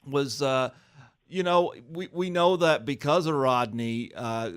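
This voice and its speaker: A man's voice: mid-range voice, takes it slowly, smooth. A man hosting a podcast interview, chatting enthusiastically about a movie. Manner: enthusiastic, acts out movie quotes. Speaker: podcast host. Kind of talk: casual interview chat.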